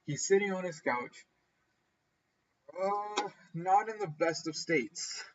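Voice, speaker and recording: Animated man telling a story. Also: slow pace, lo-fi sound. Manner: animated, acts out quoted people with pitch jumps. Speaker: gaming storyteller. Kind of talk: casual storytime over gameplay.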